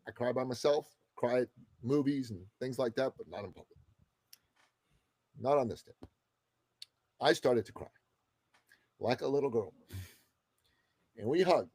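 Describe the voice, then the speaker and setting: A husky man in his fifties from the Middle East, a guest on a talk show. He tells a story casually and expressively and does not mind swearing. The recording is dry and close. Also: medium pitch, measured pace, pauses often, a little mellow, dry recording. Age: 50s. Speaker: guest entrepreneur. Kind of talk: animated storytelling in conversation.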